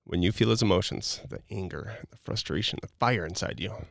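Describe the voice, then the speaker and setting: A man with a low, gravelly voice coaches a guest in a relaxed talk, blunt and profane, slipping into quick acted-out quotes. The sound is dry and close, with no room around it. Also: no echo. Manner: blunt, coaching, swears casually, acts out quotes. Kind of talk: casual advice chat.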